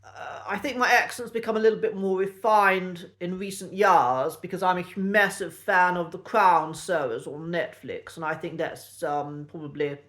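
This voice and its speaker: An English man with a posh Received Pronunciation accent, talking to camera in a measured, precise way with frequent pauses and ums. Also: high voice, fairly bright tone. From England. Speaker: accent teacher and channel host. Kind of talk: reflective solo talk to camera.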